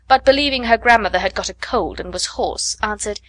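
A woman's voice: medium pitch, dry recording, soft background music. Woman reading a fairy tale aloud. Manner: steady, measured storybook narration. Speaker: storyteller.

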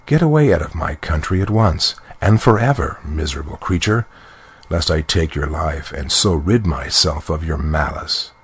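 A man voicing a brave young king who speaks with scorn and command in a storybook reading, in a deep, husky voice. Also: expressive, normal speed, exaggerated voice. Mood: indignant.

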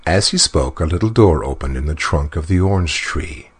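A man reading a fairy tale aloud in an expressive, unhurried storybook narration. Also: very deep voice, slightly rough.

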